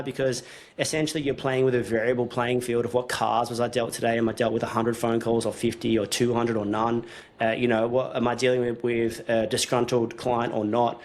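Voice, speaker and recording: A man hosting a casual podcast chat, thinking aloud in long, rambling runs that restart mid-sentence. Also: medium pitch. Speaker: podcast host.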